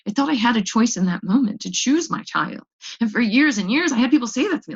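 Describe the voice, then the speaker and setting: A woman's voice: a little high, lively intonation, fast, husky. A young adult woman speaking at a recovery meeting, sharing her story in a candid, raw way and repeating words when she gets emotional. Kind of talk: personal recovery testimony. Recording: dull lo-fi recording.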